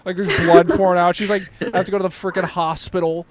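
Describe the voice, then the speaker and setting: A young man co-hosting a podcast, telling excitable stories that are full of swearing and "dude". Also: high-pitched, fast. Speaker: podcast co-host. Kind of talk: casual chat.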